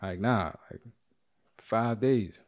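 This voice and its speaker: A middle-aged man at home telling a story in a casual monologue, animated, swearing and acting out other people's lines. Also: on the low side, slow pace.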